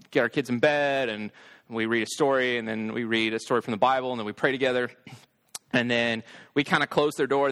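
A man in his thirties telling a personal story about parenting in a casual, candid way, turning lively when he quotes himself. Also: medium pitch.

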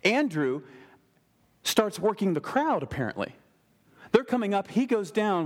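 Animated male pastor in a reverberant hall. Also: high-pitched, a little slow, pauses often. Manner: animated, acts out biblical characters in casual modern speech. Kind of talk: sermon.

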